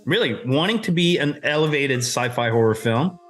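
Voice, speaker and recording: A man's voice: mid-range voice, animated, normal speed, a bit bright. A man argues his side in a loose, casual debate. He is emphatic, blunt and swears freely, in an ordinary mid-range voice. Faint music plays underneath. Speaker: co-host debating a film.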